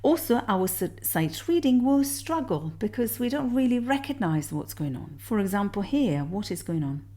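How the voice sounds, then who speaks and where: A woman's voice: medium pitch, very animated, normal speed, hardly any pauses, dark tone. A woman teaching music theory, patiently explaining exam answers step by step and counting beats aloud.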